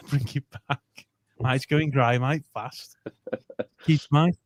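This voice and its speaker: A man's voice: mid-range voice, slow pace, dry recording. A young man hosting a casual fan podcast, chatty and laughing as he tells stories. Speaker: fan channel host.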